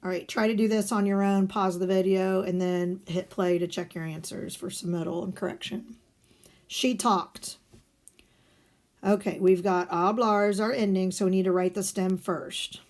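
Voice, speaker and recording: A Spanish teacher records a video lesson, working through guided notes one step at a time and posing questions she then answers herself. Her voice sits at a medium pitch with fairly even intonation, a normal pace, and a somewhat dark tone.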